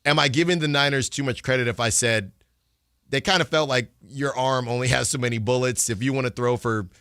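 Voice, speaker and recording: A man hosts a sports radio show in an easy, chatty way and gets animated as he talks. His voice is bright and pushed forward. It sounds close and dry in the studio. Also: fairly quick, clean tone, no room sound. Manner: chatty, animated, jumps pitch when excited. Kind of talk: casual sports talk.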